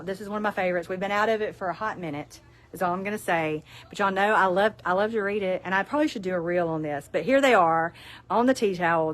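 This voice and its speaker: A woman's voice: medium pitch, fairly bright tone. Chatty Alabama woman hosting a live sale. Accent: Southern US (Alabama). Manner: chatty and folksy, laughing often, reading sayings aloud. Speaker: shop owner hosting a live product showcase. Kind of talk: casual livestream product chat.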